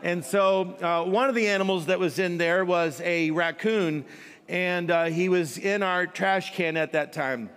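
A man's voice: high-pitched, steady tone, measured pace, a bit bright, smooth, big-room sound. A man preaching as a guest pastor, telling a humorous, self-mocking story and laughing at himself. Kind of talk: storytelling sermon.

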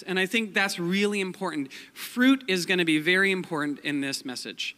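At a normal speed and with few pauses, a young pastor preaches in a fairly high, pushed, bright voice. The sermon is casual and jokey, loaded with fillers such as "like" and "um," and a long hall reverb surrounds it.

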